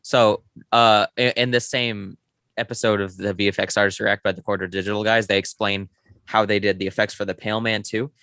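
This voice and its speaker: A young man co-hosting a podcast, chatting excitedly about a film in a rambling way with lots of fillers. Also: lowish voice, fairly quick, clear, resonant tone, dry recording, clean studio sound. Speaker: podcast co-host. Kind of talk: casual film review chat.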